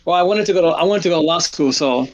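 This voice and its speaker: A man hosting a livestream, chatting casually and telling rambling stories with halting restarts. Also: fairly high pitch. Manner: rambling storyteller, laughs often, halting restarts. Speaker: stream host. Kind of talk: casual chat.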